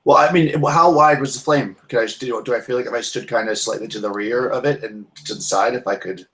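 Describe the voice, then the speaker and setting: A man's voice: mid-range voice, fairly quick, a bit bright. A man playing in a tabletop game, speaking hesitantly with many stumbles and restarts. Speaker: player. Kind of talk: casual tabletop play.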